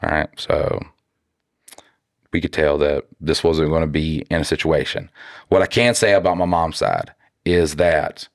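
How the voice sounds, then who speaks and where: A very deep-voiced man with a drawl, co-hosting a casual podcast. He rambles, restarts his sentences and swears freely. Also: unhurried, gravelly, long pauses. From North Carolina. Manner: blunt and profane, rambling with restarts. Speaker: podcast co-host.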